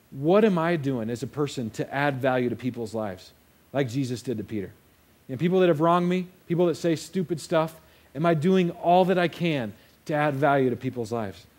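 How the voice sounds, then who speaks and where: A man's voice: a little high, a little mellow. A young man preaching a sermon in a casual storytelling way, acting out the quotes. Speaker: pastor.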